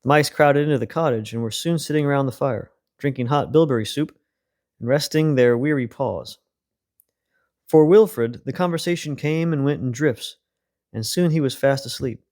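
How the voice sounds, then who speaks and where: A man hosting a podcast, reading a children's storybook aloud in a calm, unhurried way. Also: mid-range voice. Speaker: podcast host and reader.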